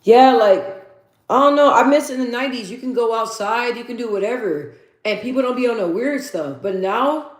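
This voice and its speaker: A woman's voice: fairly high pitch, animated, normal speed. A woman in her thirties hosting a casual live chat. She tells stories, repeats her points for emphasis, and reads out viewer comments. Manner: chatty storytelling, repeats phrases for emphasis. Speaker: livestream host. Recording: roomy echo.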